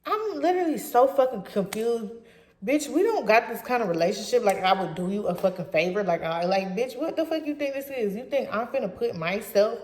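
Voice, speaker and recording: A young woman casually telling a story from her teens in a blunt, profane, animated way. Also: on the high side, brisk. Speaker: vlogger. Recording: roomy echo.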